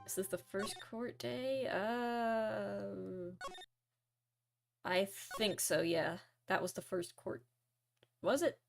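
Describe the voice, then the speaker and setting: A woman's voice: medium pitch, steady tone, slow, vocal fry, long pauses, soft background music. A woman with a Southern US accent chatting on a live stream while reading a game aloud, laughing often.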